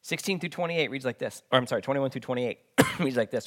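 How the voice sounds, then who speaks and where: A man's voice: medium pitch, fast, fairly bright tone. A man preaching a conversational sermon, often restarting his sentences. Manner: conversational, with frequent restarts and fillers. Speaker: pastor.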